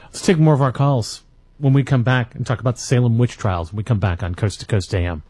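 A man hosting a late-night radio talk show, asking relaxed, curious questions. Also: medium pitch, brisk, slightly rough. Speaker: radio host. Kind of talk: radio interview.

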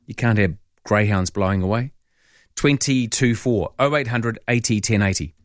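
A man's voice: on the low side, moderate pace. A man with a New Zealand accent hosting late-night talk radio, chatting in a rambling way with asides to listeners. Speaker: overnight talk radio host. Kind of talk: casual call-in radio chat. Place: radio studio. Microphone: studio microphone.

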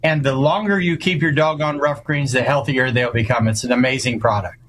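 A man's voice: medium pitch, fairly even intonation, brisk, a bit bright, rough recording. A man appearing as a radio show guest who founded a company, speaking confidently in a promotional tone.

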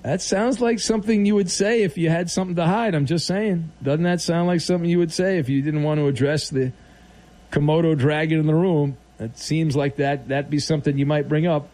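A man hosts a late-night sports talk show from a radio studio. His voice sits a little on the high side, and he teases callers with mock-serious questions. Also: steady tone, a little fast, warm tone. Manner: playful, teasing, mock-serious.

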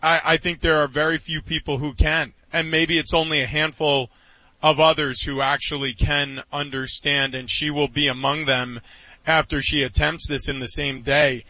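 A man's voice: a little high, level tone, moderate pace, pushed and bright, no echo. A man co-hosting a sports talk show, commenting earnestly. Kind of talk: casual sports chat. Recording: dull lo-fi dry sound.

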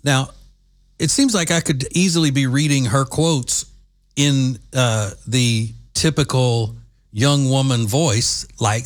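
A man's voice: medium pitch, animated, a little slow. A man hosting an opinion commentary show, sarcastic and scornful in his asides. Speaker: political commentator.

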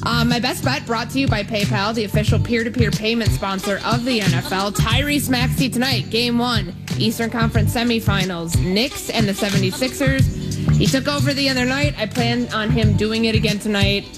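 A woman giving a sports betting pick on radio in a casual, brisk way. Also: fairly high pitch, loud music behind the voice. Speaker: sports betting segment host.

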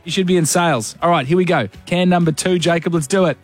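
A fairly high-voiced man with an Australian accent hosts a casual street interview, teasing his guests with playful jokes. Clear music plays underneath his voice. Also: quick pace. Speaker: host.

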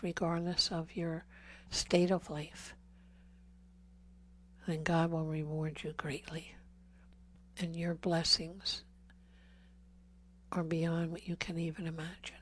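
Speaking slowly and levelly in a lowish voice with long pauses, a woman addresses a congregation at a healing service. Her earnest Catholic talk pleads with them through repeated questions, and she falls to a whisper on the important words.

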